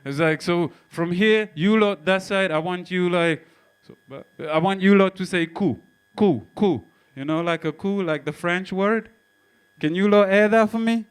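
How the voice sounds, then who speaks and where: A man's voice: sits high, moderate pace, smooth. A man doing a stand-up comedy set, telling a story in a brash, profane way and bantering with the crowd. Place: comedy club stage before a live audience.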